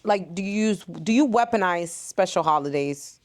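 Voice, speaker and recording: A woman's voice: fairly low pitch, animated, moderate pace. A woman hosting a casual podcast chat, nodding along with short affirmations and pushing back with questions. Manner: brief affirming interjections and probing questions. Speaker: host.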